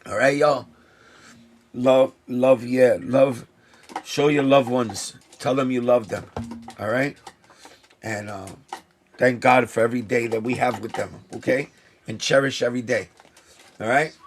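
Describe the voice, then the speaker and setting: A man's voice: mid-range voice, fairly even intonation, unhurried, pauses often, a little hiss or hum. A man, a sneaker vlogger talking to camera in an emotional, heartfelt way that circles back and repeats itself. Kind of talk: casual talk to camera.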